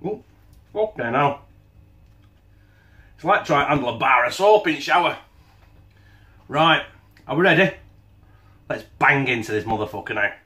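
Sweary, lively man. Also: medium pitch, moderate pace, long pauses. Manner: blunt, sweary, jokey banter; talks with his mouth full while tasting. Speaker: cooking channel host. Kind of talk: casual cooking vlog chat. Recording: echoey room.

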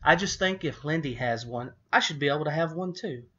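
A man's voice: on the high side, a little fast, bright, forceful tone, slightly rough, muffled recording, pitched above the performer's own voice. A man voicing a jealous, pushy young twin girl in a storybook reading, pleading and insistent.

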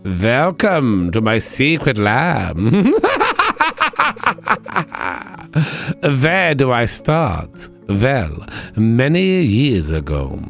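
A female vampire scientist draws out every word in a slow, sinister drawl, as a man puts her on. The voice sits low yet swoops up and down with theatrical flourish. Soft game music plays underneath. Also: gravelly, heavily acted. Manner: slow, drawn-out, theatrical villain delivery. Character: woman villain scientist, "evil German" vampire.

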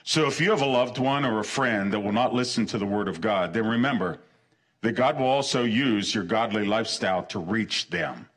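A man's voice: on the low side, normal speed, fairly bright tone. Man, pastor, sermon, earnest, repeats phrases, restarts sentences. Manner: earnest preaching, repeats short phrases for emphasis; stumbles and restarts mid-sentence.

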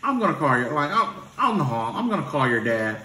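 A man impersonating a male math teacher who keeps clearing his throat in a high, strained voice with "ah" grunts. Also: big pitch swings, brisk, bright, forceful tone, slight background noise. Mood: flustered. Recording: roomy echo.

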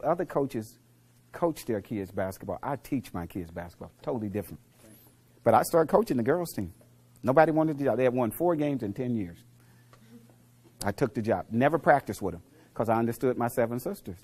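A middle-aged man giving a motivational speech to a live audience, telling coaching stories and quizzing the crowd, dropping to low murmurs and then rising to loud punchlines. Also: animated, fairly quick, breathy edge. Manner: preachy storyteller, asks the crowd questions, swings from low murmurs to loud punchlines. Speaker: motivational speaker.

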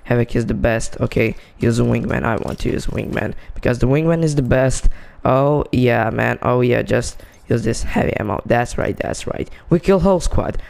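Excitable gravelly man gaming. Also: mid-range voice, moderate pace. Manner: excitable, talks to himself and teammates, frequent exclamations. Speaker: gamer. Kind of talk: excited gameplay commentary.

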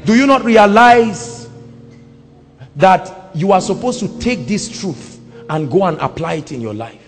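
A man with a Nigerian accent preaching a sermon, emphatic, swinging between hushed words and shouts. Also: high voice, expressive, a little slow, faint music behind. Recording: sermon in a reverberant hall.

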